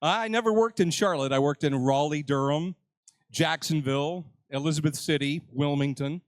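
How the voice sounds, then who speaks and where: On a convention stage, an older panel host jokes with the audience and mocks himself. His voice is fairly high and his pace moderate, recorded without echo.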